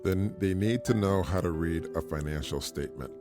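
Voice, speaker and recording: Over music, a middle-aged man with a low voice and moderate pace hosts a podcast, offering casual parenting advice earnestly and repetitively while chuckling at his own points.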